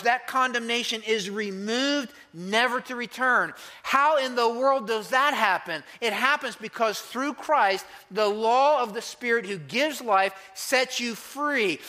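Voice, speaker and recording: A man preaching a sermon to a congregation, emphatic, swinging between loud cries and hushed intensity. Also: extremely high pitch. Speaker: pastor.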